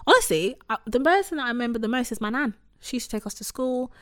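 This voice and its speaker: A woman's voice: on the high side, lively intonation, fast, fairly bright tone. A woman in her thirties, casually and candidly telling a personal story with lots of "like" and "you know". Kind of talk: casual conversation.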